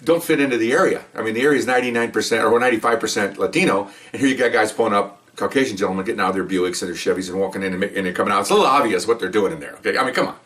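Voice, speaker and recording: A fast-talking older man with a fairly low voice recounts his days as a police officer in a loose, rambling style. He keeps checking in with "okay?" and circles back on himself. His voice sits a little away from the microphone. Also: fairly bright tone, far from the mic. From Mexican heritage, raised in the US. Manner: rambling, chatty, with frequent "okay?" asides and restarts. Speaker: retired police officer storyteller. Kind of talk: casual first-person storytelling to camera.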